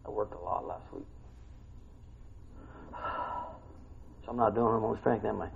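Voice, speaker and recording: A middle-aged male pastor preaching a sermon, tired, animated, swinging from quiet talk to shouting. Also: fairly low pitch, normal speed, creaky, noisy background. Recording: dull lo-fi recording.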